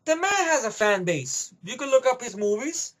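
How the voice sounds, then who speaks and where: A man's voice: very high-pitched, big pitch swings, moderate pace, fairly bright tone. A man giving a rambling, profane movie review rant, heavy on emphatic opinions.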